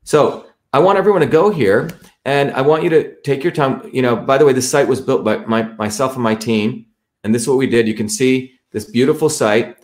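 A man's voice: medium pitch, a little fast, a little mellow. A man hosting a livestream, walking viewers through a website in an emphatic, repetitive way and checking in with the audience often. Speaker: livestream host.

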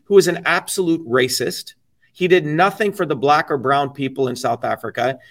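A man on an interview show speaks bluntly and emphatically, with a fairly high voice. He drives his points home with profanity and sounds a little distant from the microphone. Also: fairly bright tone. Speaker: interview guest. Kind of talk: casual interview talk.

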